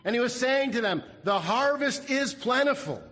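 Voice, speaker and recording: A man's voice: extremely high pitch, animated, moderate pace, fairly bright tone, long reverb tail. A man preaching a sermon as pastor, earnest and repeating his key phrases. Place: church sanctuary.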